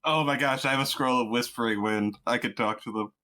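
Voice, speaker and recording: A man's voice: medium pitch, a little fast, pushed and bright. A man playing a tabletop game over voice chat, joking casually and laughing often. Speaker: player.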